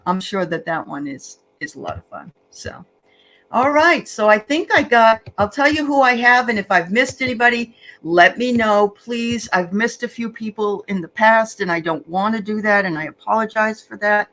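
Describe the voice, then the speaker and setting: Bright-voiced woman co-hosting a livestream. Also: medium pitch, lively intonation, normal speed, poor audio. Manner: greets viewers by name, chatty with frequent fillers. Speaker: livestream co-host. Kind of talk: casual livestream chat.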